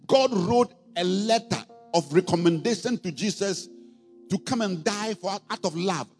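A man preaching a sermon as pastor, emphatic and repetitive, building up to shouts. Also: sits high. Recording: long hall reverb, faint music.

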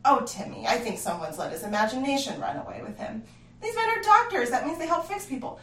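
A woman voicing a young father who gently reassures his small son in a spoken story. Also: mid-range voice, animated, a little fast, slight background noise, lightly acted. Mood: soothing. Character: young father, soothing but distracted. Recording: roomy, distant mic, faint ambience.

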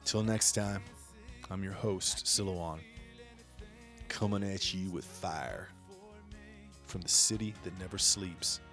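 A man hosting a podcast, giving an impassioned monologue that swells into loud rhetorical questions. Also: deep voice, slow, pauses often, soft background music. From Indiana, United States. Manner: fiery, rising to shouted rhetorical questions. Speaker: podcast host.

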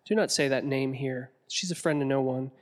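A man's voice: mid-range voice, fairly even intonation, normal speed, close to an everyday voice. A man voicing a grave, mysterious woman who guards a hidden gate, speaking with a foreign accent in a storybook reading. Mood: stern. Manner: grave, commanding, regretful.

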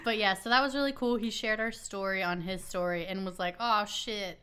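Bright, crisp-voiced woman podcast co-host. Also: medium pitch, brisk. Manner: animated storytelling, laughs and swears often. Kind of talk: casual chat.

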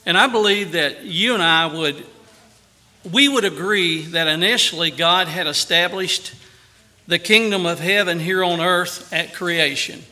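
A man preaching a sermon earnestly, with emphatic rises on key phrases and a quieter, softer voice in prayer. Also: high-pitched, measured pace.

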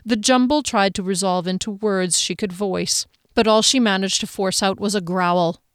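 A woman reads fiction aloud in an even, measured way. Her voice sits at a middle pitch and the recording is dry and close. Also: smooth, no echo. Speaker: audiobook narrator. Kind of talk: scripted narration.

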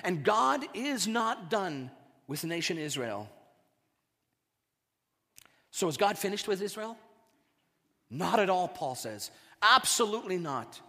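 A man preaching a sermon, animated and repeating words as he builds his points. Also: high voice, takes it slowly, creaky, pauses often, big-room sound. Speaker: pastor.

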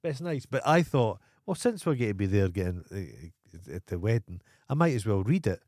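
A man's voice: lowish voice, big pitch swings, normal speed, a little mellow, no room sound, clean studio sound. A Scottish man co-hosting a podcast in casual chat, ranting emphatically and swearing freely. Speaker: podcast co-host.

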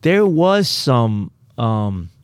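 A man co-hosting a casual Bible study talk, telling the story with animated, playful asides. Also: medium pitch, extremely slow, clean tone, dry recording, studio quality. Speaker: co-host of a Bible study podcast.

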